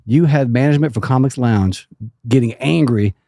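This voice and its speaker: A man's voice: mid-range voice, normal speed, vocal fry, dark tone, no room sound, studio quality. A man co-hosting a podcast in casual chat, chiming in with teasing interjections and wisecracks. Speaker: podcast co-host.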